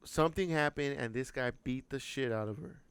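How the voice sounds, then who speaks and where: Man, podcast co-host, casual storytelling, animated, swears a lot, smooth clear voice, dry close sound. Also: mid-range voice, a little fast, dry recording. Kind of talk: casual chat.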